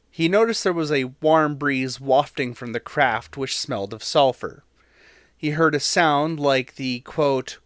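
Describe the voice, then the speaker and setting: A man's voice: a little high, normal speed, no echo, clean studio sound. A man co-hosting a podcast, recounting a story in a chatty way with fillers and reading quotes aloud. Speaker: podcast co-host.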